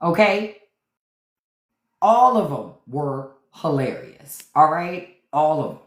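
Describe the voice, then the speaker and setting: Blunt woman host with low voice. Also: big pitch swings, takes it slowly, echoey room. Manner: blunt, profane and repetitive. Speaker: podcast host. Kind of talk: livestream commentary to viewers.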